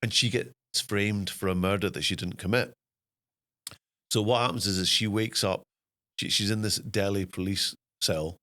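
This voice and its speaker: A middle-aged Scottish man, an actor guest, telling anecdotes in a self-deprecating, animated way. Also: deep voice. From Scotland. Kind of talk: anecdotal storytelling.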